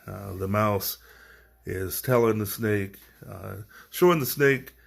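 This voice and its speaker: A male teacher giving a recorded online lesson, speaking slowly with frequent hesitations. His voice sits fairly low and has a gravelly, creaky texture. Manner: hesitant, many fillers.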